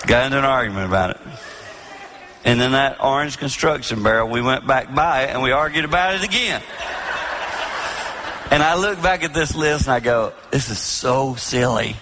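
A middle-aged man preaching a sermon on marriage, telling stories and acting out quotes with lively delivery. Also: mid-range voice, normal speed. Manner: animated storytelling, acting out quotes. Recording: long reverb of a large hall.

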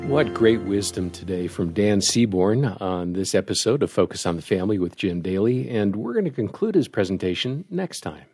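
Lively, low-voiced radio host over music. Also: male voice, normal speed, few pauses, breathy edge. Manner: polished announcer delivery. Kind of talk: scripted radio outro. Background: music bed.

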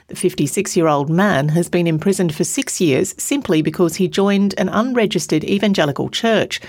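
A woman presenting a scripted radio news bulletin with a crisp, steady read. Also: mid-range voice, dry recording.

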